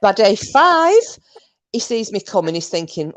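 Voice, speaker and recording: A woman co-hosting a casual chat, telling a story with animated delivery and plenty of swearing. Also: medium pitch, measured pace, no echo. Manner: animated, swearing, shrieking when acting out herself. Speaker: co-host.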